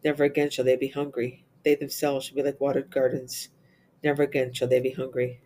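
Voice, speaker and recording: A man reciting the Divine Office, reading psalms and lessons in English with Latin responses, in a steady, even recitation. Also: mid-range voice, fairly quick, slight background noise. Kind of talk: reciting liturgical prayer and psalms.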